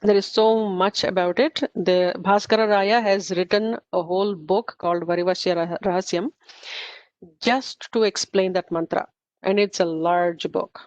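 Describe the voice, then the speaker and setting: Speaking at a moderate pace with fairly even intonation, a woman with a fairly low, slightly mellow voice teaches a study group informally. She lays things out step by step, using frequent fillers and self-corrections, and the dry recording is slightly muffled and dull.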